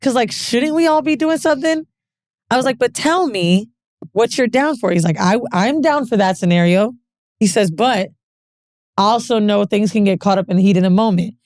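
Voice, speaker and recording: A woman co-hosting a podcast, telling a frank, profane story with animated quoted dialogue. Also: a little high, normal speed, dry recording, clean studio sound. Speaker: podcast co-host. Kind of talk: casual storytelling chat.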